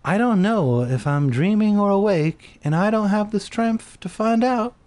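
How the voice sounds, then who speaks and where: Man doing a beaten-down teen boy: high, whiny, lively pitch. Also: takes it slowly, full character voice. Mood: defeated, whiny. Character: weary frightened teenage boy, whiny and defeated.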